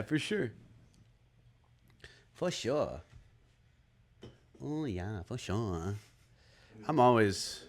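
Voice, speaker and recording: A young man co-hosting a podcast, chatting casually and telling rambling stories with frequent laughter. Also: medium pitch. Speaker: podcast co-host. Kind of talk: casual chat.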